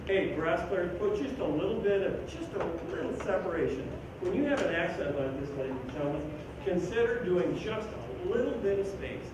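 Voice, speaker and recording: A man with a somewhat high voice coaches a school band in an animated, joking way, singing out rhythms between instructions. He is heard from far off in a very echoey band room. Steady noise sits behind him. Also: moderate pace, few pauses. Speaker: band clinician conducting a rehearsal. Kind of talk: rehearsal instruction.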